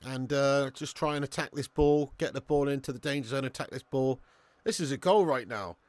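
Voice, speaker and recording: A man's voice: mid-range voice, brisk, a little mellow, dry recording. A young man hosting a live football watch-along who chats, swears and laughs, bantering with viewers in the chat.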